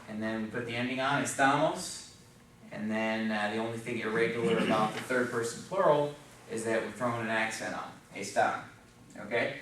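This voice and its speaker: A man's voice: medium pitch, a bit bright, a little hiss or hum. Man teaching in a very echoey classroom. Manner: patient, checks in with frequent "okay?" and "right?". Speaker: Spanish teacher. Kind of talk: classroom lesson at a whiteboard. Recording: very echoey room, voice from far off.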